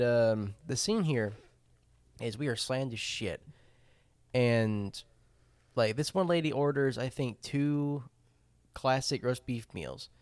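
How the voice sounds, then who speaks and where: A man's voice: mid-range voice, a little mellow, dry recording. Man host with a dry close voice. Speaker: podcast host. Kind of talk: casual chat.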